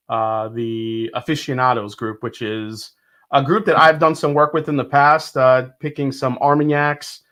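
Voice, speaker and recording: A middle-aged man hosting a casual whiskey livestream, rambling with lots of fillers and restarts, greeting the chat loudly and cheerfully. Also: mid-range voice. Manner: loud upbeat greetings to the chat. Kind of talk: casual live-stream chat.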